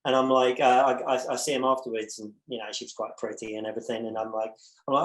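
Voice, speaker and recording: A man's voice: mid-range voice, level tone, quick pace, echoey room, rough recording. A man, a musician guest on a podcast, telling a long tour story in a rambling, profane way, full of restarts. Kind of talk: casual anecdote telling.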